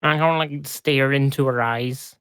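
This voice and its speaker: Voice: medium pitch, fairly even intonation, normal speed, a bit bright, clean tone, no echo. A tired player in a tabletop game who talks chattily and laughs between lines. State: overtired. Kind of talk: playing a character in a tabletop game.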